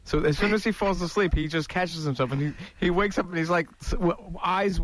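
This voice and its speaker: A man's voice: sits high, fairly quick. A man on a radio show jumping in eagerly with details of a road story. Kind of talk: radio banter.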